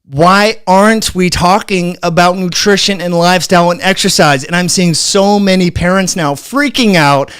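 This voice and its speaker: A man hosting a health channel, giving an exasperated, halting rant that trails off. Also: sits high, fairly bright tone, clear, resonant tone, no room sound. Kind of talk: frustrated video rant.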